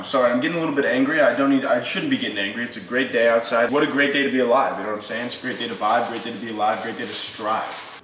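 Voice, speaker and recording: A young man chatting casually to his vlog audience at home, excitable and profane, scolding his dog. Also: mid-range voice, very fast, echoey room, noisy background. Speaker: vlogger. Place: indoors, home kitchen.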